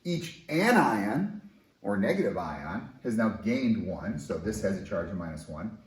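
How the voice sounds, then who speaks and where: A male chemistry teacher explains in a conversational, enthusiastic way, with his pitch swinging widely. The room sounds echoey, with faint background noise. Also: very animated, unhurried. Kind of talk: recorded classroom lesson.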